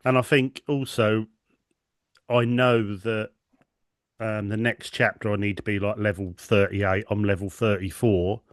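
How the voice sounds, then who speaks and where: A man, co-hosting a gaming podcast in casual chat, dry and easygoing with gentle teasing. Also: on the low side, flat delivery, measured pace, dry recording. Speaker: podcast co-host.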